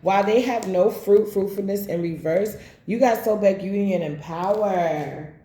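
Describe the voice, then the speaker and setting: A woman's voice: mid-range voice, unhurried, warm tone. A woman giving a casual tarot reading, calling out cards and talking bluntly, with frequent swearing. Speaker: tarot reader. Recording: roomy echo with faint background noise.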